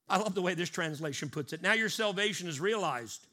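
Big pitch swings mark this male pastor's high voice, which has a sharp tone. He preaches with emphasis, slowing down on key words and leading the congregation to echo his lines.

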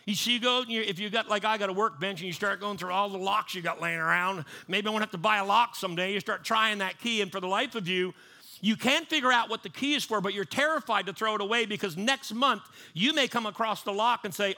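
A male preacher with a high, very bright and piercing voice. He talks to his congregation like a neighbor, circling back over his words and restarting sentences before he drives a point home. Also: fairly quick, creaky. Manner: conversational, repeats and restarts, acts out panicked voices. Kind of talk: sermon.

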